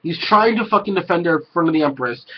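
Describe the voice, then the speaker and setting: A man giving an excitable, casual anime review, swearing a lot and breaking into loud exclamations. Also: a little high, fast talker, husky, dull audio.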